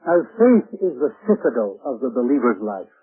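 A man's voice: mid-range voice, very animated, moderate pace. A man preaching an earnest Bible teaching sermon, stressing key phrases with emphatic repetition. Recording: tinny phone-like band, husky.

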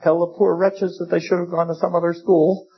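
A man's voice: sits high, flat delivery, a little fast, breathy edge. An older man preaching a sermon in a folksy, wry way, with humorous asides about his seminary teaching. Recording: dull lo-fi recording.

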